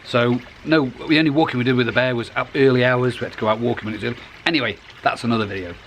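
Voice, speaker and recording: A middle-aged man talks casually beside his pond outdoors. His voice sits at a middle pitch, and he rambles along, restarting half his sentences. Faint outdoor noise runs underneath. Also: fairly even intonation, very fast, a bit bright. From United Kingdom. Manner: rambling and chatty, restarts phrases. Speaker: koi pond vlogger. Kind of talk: casual vlog.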